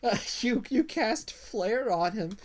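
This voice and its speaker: A man's voice: high-pitched, animated, slow pace. A man narrating a tabletop game as game master, rambling casually with restarts. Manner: rambling, many ums and restarts.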